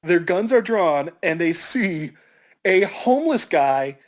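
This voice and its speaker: A man spins a long comedic tale for his friends on a podcast. His pitch swings widely as he acts out the characters. He laughs as he tells it. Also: expressive, slow. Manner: acts out quoted voices, laughs mid-story. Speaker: podcast storyteller. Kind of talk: animated comedic storytelling.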